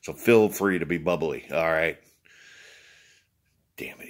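A man's voice: low-pitched, measured pace, long pauses. A man talking to viewers in a rambling, casual monologue, swearing freely, tired after a short night's sleep. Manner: rambling, swears freely, acts out quoted exchanges. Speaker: vlogger addressing viewers.

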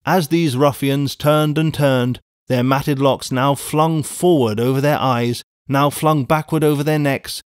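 A man narrating a classic novel as an audiobook in a measured, even reading. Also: mid-range voice, clear, resonant tone, no echo, studio quality. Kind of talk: scripted narration.

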